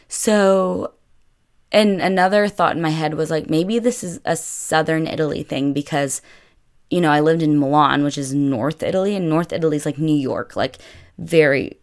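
A young woman with a low-pitched voice, chatting her way through a story. She talks casually and loosely, stringing her sentences together with lots of filler words. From United States. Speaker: vlogger.

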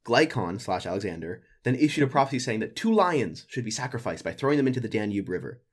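A man spins an ancient tale in a loose, comic way, talking quickly. His voice sits at an ordinary middle pitch and he keeps slipping into little laughs. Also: lively intonation. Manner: jokey, laughing, acts out figures in silly voices. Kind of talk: casual history storytelling chat.

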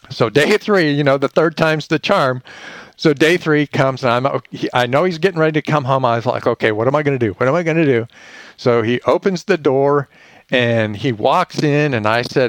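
Male guest, lively anecdote teller, mid-pitched, dry recording. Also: moderate pace, no room sound. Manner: animated, acts out quoted voices. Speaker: podcast guest, leadership author. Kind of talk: casual storytelling.

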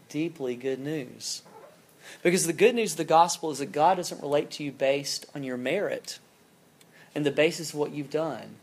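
Brief: campus minister giving a relaxed, lively sermon, full of casual asides. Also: medium pitch. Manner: conversational, animated storytelling with casual fillers.

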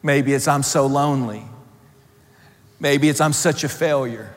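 Slow-speaking pastor in a big echoing hall. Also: male voice, medium pitch. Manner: emphatic, dramatic shifts between loud and hushed. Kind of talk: sermon. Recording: long hall reverb.

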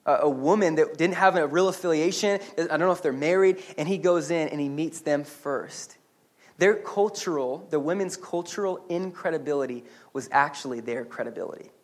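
A man preaching a sermon as pastor at a church service, animated and humorous, with quick restarts and asides. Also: a little high.

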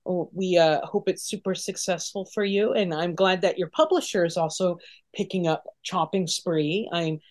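A woman's voice: on the low side, moderate pace. A woman co-hosting a podcast, wrapping up an interview in a chatty, giggly way. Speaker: podcast co-host. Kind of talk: casual interview chat.

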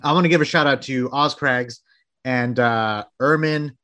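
Male host, middle pitch, upbeat and chatty, easy laughter. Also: moderate pace, pushed and bright. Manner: enthusiastic, chatty, laughs easily. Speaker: interview host. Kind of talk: casual interview.

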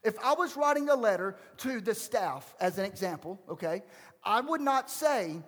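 High-voiced pastor preaching in a reverberant hall. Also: male voice, expressive, normal speed, fairly bright tone. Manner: emphatic, rhetorical questions to the congregation. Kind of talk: sermon.

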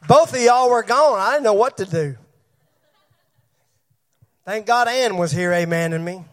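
A man preaches a sermon in church, his voice pitched very high. He asks the congregation questions and calls on people by name as he goes. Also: measured pace. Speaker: pastor.

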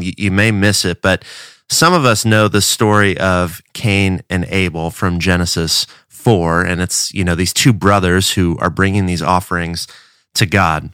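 A man's voice: deep voice, fairly bright tone, smooth, no echo, clean studio sound. A man from a church giving a casual devotional talk, earnest and conversational, often restarting his words.

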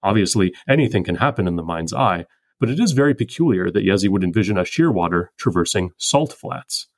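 A man with a fairly low, breathy voice talks through the meter of a poem in a scripted, measured way. He explains each point methodically, like a podcast host giving a close reading. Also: expressive. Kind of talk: scripted poetry analysis.

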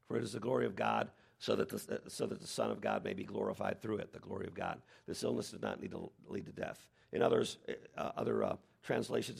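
A man preaching a sermon as pastor, animated, with dramatic quoted lines. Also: fairly low pitch, creaky, breathy edge.

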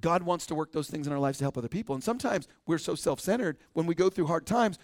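An American man, a pastor, preaching a conversational sermon and often ending points with a quick "right?". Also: fairly high pitch, lively intonation, dry recording, clean studio sound. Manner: conversational preaching, frequent tag question "right?".

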